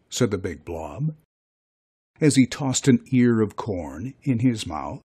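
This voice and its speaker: A narrator reading a children's storybook aloud in an expressive, sing-song way. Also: mid-range voice, slow, breathy edge.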